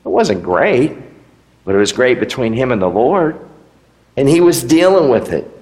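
A man preaching a sermon as pastor, animated, with rising emphasis and rhetorical questions. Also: mid-range voice, moderate pace. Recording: echoey hall.

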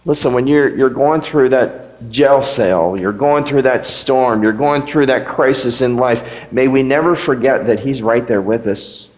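A man preaching a sermon as pastor, animated, with rising emphasis and rhetorical questions. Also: medium pitch, unhurried. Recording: echoey hall.

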